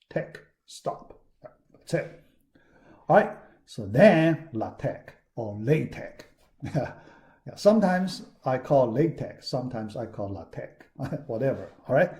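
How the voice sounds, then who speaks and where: Slow halting male lecturer, filler-heavy. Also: mid-range voice, dark tone. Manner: halting, frequent "yeah" and "all right" fillers; repeats key words for emphasis. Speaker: university lecturer. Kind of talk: recorded classroom lecture.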